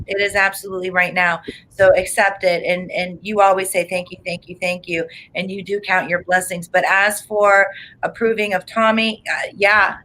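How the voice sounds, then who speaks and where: A woman's voice: mid-range voice, sharp tone, poor audio. A woman doing a live psychic reading, chatty and emotional, laughing often. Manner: chatty, effusive, frequent laughter; earnest and emotional.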